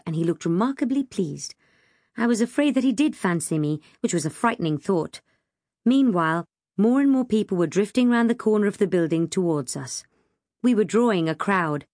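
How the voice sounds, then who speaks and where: A woman reading a first-person story aloud in an expressive, wry way. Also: mid-range voice, normal speed, dry recording, studio quality. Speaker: audiobook narrator. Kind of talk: first-person audiobook narration.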